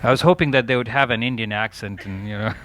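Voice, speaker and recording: A man's voice: medium pitch, bright, forceful tone. A man giving a chatty, digressive lecture at a yoga festival, laughing often at his own asides.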